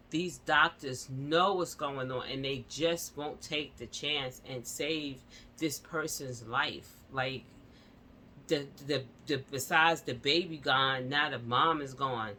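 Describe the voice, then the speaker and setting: A woman's voice: very deep voice, slow, sharp tone, a little hiss or hum. A woman vlogger at home, giving impassioned casual commentary on a news story and speaking straight to her viewers with repeated fillers.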